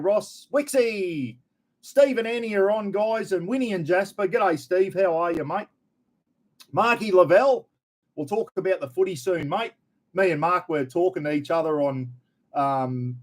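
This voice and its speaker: A man's voice: on the high side, a little mellow. A middle-aged Australian man hosting a casual live stream, greeting viewers one by one with a friendly, chatty manner. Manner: chatty, friendly, lots of g'day mate.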